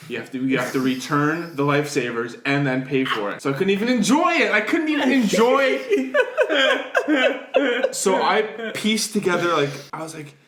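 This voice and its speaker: A young man co-hosting a casual podcast chat, telling animated childhood stories and jumping high in pitch when he laughs. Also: moderate pace. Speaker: podcast co-host. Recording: echoey room.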